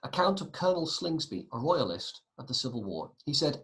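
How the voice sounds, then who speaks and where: A man's voice: medium pitch, big pitch swings, fairly quick, fairly bright tone, rough recording. A man teaching a history lesson, asking his pupils questions and answering them himself. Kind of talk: classroom lesson video.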